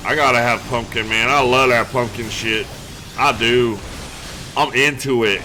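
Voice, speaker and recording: A man streaming a game live, chatting casually in a loud, profane, joking way. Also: mid-range voice, steady tone, measured pace, a little hiss or hum. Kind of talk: casual livestream chat while gaming.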